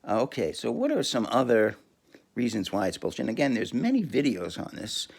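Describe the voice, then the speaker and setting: A man's voice: medium pitch, huge pitch swings, a little fast, vocal fry, slightly rough. A man talking alone on his podcast, crude and rambling, often breaking into laughter and restarting his sentences. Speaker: podcast host. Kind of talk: rambling solo monologue.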